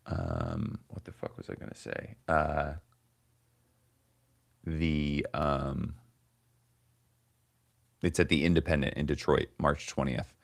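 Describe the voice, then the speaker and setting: A man's voice: extremely low pitch, expressive, takes it slowly, vocal fry, long pauses, no echo. A man in his forties hosting a casual livestream, rambling and swearing as he grumbles to his chat. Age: 40s. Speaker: comedian livestream host.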